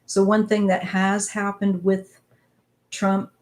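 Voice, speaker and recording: Chatty host, woman, middle-aged, Midwestern accent with slight twang, lowish voice, casual asides. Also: measured pace. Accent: Midwestern American, slight northwest Missouri twang. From northwest Missouri, US Midwest. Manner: relaxed, chatty, laughs easily, trails off in asides. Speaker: tarot channel host. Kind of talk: casual chat.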